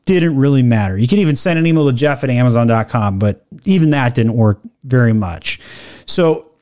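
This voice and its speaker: A man giving blunt, opinionated business commentary, reading out policy lines slowly and then riffing on them with sarcasm. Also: medium pitch, animated, darkish tone. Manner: reads quoted policy text slowly, then riffs.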